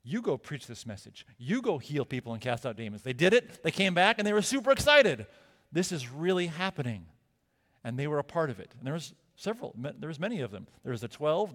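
A man's voice: on the high side, sing-song, quick pace, fairly bright tone. A male pastor delivering a sermon, conversational and emphatic, asking rhetorical questions. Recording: long reverb of a church hall.

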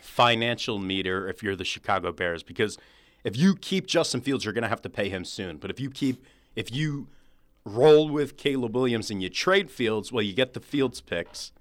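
A man, a guest on a sports talk show, breaking down football in a measured, analytical way. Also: lowish voice, animated. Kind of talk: casual sports chat.

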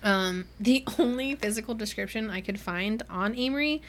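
A young woman hosting a book club podcast, retelling a novel's plot in a chatty, animated way and acting out the characters' lines. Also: a little high, normal speed, slight background noise. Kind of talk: casual chat recapping a book.

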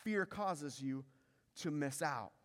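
A man preaching a sermon as pastor, building intensity through repetition and dropping low to stress key lines. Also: lively intonation, slow pace, a bit bright, long reverb tail.

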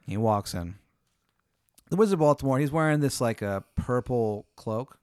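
A man spins an improvised comic scenario, rambling and piling on profane exaggerations. His voice is smooth and clear, at a middle pitch. The recording is close and dry. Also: expressive, normal speed, darkish tone, no room sound. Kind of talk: improvised comedy storytelling.

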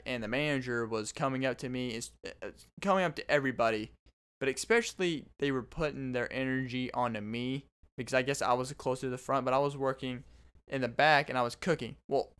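A man's voice: medium pitch, fairly bright tone. A man in his twenties hosting a podcast, telling stories in a rambling, self-interrupting casual monologue. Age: 20s. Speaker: podcast host.

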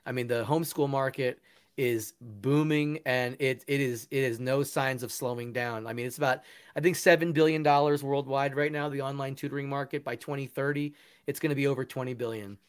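A man's voice: medium pitch, fairly even intonation, fairly quick, clear, resonant tone. A man talking as an interview guest, earnest and enthusiastic, often restarting his sentences. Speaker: guest, musician and education founder. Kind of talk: casual interview talk.

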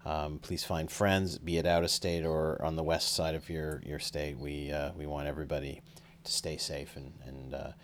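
Male podcast host, deep voice, loose rambling delivery, faint noise on the line. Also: level tone, normal speed, few pauses. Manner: rambling, self-deprecating, with lots of fillers. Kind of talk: casual podcast chat.

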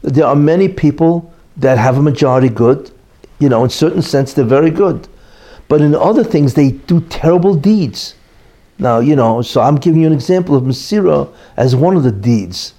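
A man's voice: fairly high pitch, expressive, normal speed, mellow. A man teaching an informal religious class, telling a story with many "you know" asides and restarts. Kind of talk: informal Torah class talk.

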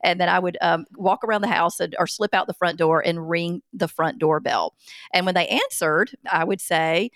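A woman's voice: on the low side, normal speed, a bit bright, dry recording, clean studio sound. A woman hosting a podcast and answering listener questions in a chatty, self-deprecating way, with frequent ums. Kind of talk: casual chat.

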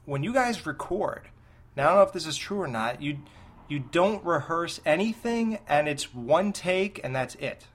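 A man's voice: fairly high pitch, animated, normal speed. A man co-hosting an interview, eagerly asking a guest questions as a fan. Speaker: podcast co-host. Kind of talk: casual chat.

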